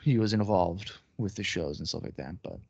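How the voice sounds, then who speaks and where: On a dull, dry lo-fi recording with no echo, a wrestling podcast co-host speaks at a moderate pace. His low-pitched voice is creaky and a little mellow with a breathy edge, and he talks bluntly, swearing and teasing a lot.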